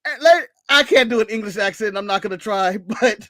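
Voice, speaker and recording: A man's voice: high voice, fairly quick, pushed and bright, dry recording. A man from the United States co-hosting a casual podcast, ranting sarcastically with laughs and swearing. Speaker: podcast co-host.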